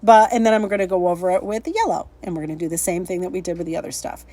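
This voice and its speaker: A woman's voice: lowish voice, rapid-fire, mellow. A woman hosting a casual craft tutorial vlog, chatty and upbeat, laughing at her own slips. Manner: chatty, upbeat, self-deprecating, laughs often. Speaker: craft channel host.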